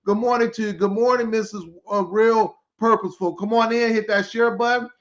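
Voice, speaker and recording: Energetic high-voiced man hosting a podcast. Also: fairly quick. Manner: energetic, repetitive, hypes the audience. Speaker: podcast host, school turnaround specialist. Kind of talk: live-stream podcast greeting viewers. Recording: slightly dull lo-fi audio.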